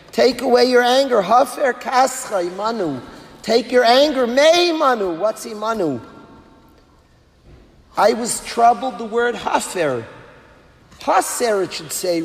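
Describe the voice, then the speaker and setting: Rabbi delivering a sermon; man with a high voice, impassioned, hushed-to-loud delivery, long hall reverb. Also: animated, takes it slowly, gravelly. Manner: impassioned, swinging from hushed to loud and sing-song. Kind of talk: sermon to an audience of educators. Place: large hall at an event. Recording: long hall reverb, faint background noise.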